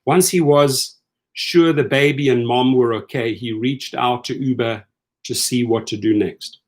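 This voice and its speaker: He's a middle-aged man with a mid-range voice, unhurried as he hosts rideshare commentary. The tone is a casual, incredulous rant, lively throughout, with quoted people acted out in character.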